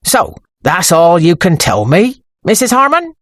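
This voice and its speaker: A woman voicing a middle-aged police sergeant, slow-spoken and deferential, with a husky edge. His pitch moves about freely in a dry, close recording. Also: huge pitch swings, dry recording, full character voice. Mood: steady. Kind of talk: audiobook character reading.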